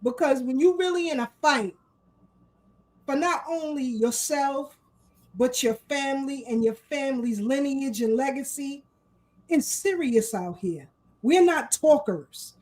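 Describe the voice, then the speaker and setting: A woman hosting a casual live talk show, animated and fired up, greeting her viewers with shout-outs. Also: sits high, measured pace, low-quality recording. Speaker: host.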